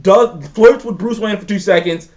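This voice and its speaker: A man's voice: high voice, moderate pace, a little mellow. A man ranting in casual chat, profane, exasperated and emphatic. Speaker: show co-host ranking movies. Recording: slightly dull lo-fi recording.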